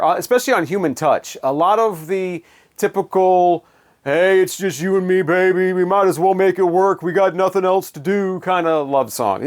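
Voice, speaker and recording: A man reviewing albums in a casual, rambling way with many fillers and wry asides. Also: mid-range voice. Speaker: music reviewer.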